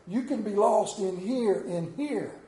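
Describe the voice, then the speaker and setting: A man's voice: sits high, animated, slow, mellow, reverberant, poor audio. A man preaching a sermon as pastor, telling stories with rising and falling emphasis.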